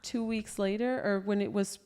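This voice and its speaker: A woman's voice: medium pitch, moderate pace, smooth. A woman, a mother in her thirties, telling a family story in casual podcast chat and acting out her kids' lines. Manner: animated retelling with quoted dialogue.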